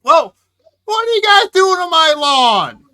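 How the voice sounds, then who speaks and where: A man voicing a very old bearded fisherman who is confused and cranky, shouting in a high quavering voice. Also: sing-song, measured pace, full character voice. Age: older.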